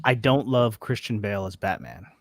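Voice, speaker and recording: A man in a casual chat, joking and lively. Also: fairly low pitch, moderate pace, no echo, clean studio sound. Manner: jokey, lively, does impressions.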